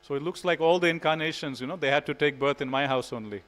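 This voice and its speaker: A man's voice: on the high side, quick pace, a bit bright, natural voice. A man voicing mother Yashoda, teasing and amused, in a reverberant temple hall. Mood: wry. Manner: mock-impressed teasing.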